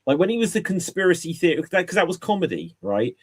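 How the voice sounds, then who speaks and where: A man's voice: sits high, very animated, quick pace, husky. A man co-hosting a podcast in casual chat, opinionated and rambling, with frequent restarts, heard through a video call mic. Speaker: podcast co-host.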